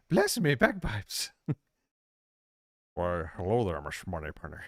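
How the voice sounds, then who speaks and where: A proud, suave Scotsman with a put-on Scottish accent, as a man performs him. The voice is gravelly, swings widely in pitch, and sounds dry and close. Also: no echo, heavily acted.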